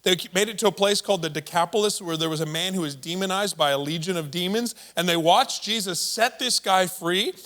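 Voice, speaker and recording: A man's voice: sits high, a little fast, hardly any pauses, a bit bright. A man preaching a sermon as a pastor, telling stories in a casual, playful conversational way. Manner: conversational storytelling, playful asides.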